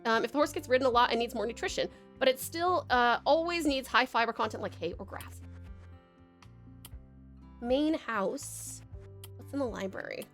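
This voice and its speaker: A bubbly Australian woman streaming a game, thanking viewers and reading tutorial text aloud. Her voice runs high and leaps around expressively, and she laughs often. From Tasmania, Australia. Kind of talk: live game stream chat.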